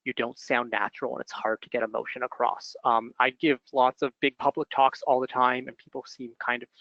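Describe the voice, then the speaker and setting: Gravelly Canadian man, dull dry recording. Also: mid-range voice, flat delivery, fairly quick, a bit bright, dry recording. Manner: conversational, stresses key words with bursts of emphasis. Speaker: webinar presenter and consultant. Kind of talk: casual instructional talk.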